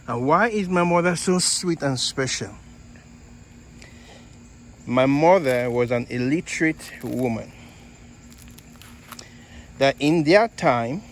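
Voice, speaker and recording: A man from Nigeria with a Nigerian accent, hosting a casual garden vlog in an unhurried, halting way. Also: medium pitch, slight background noise, poor audio. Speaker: fig grower and channel host.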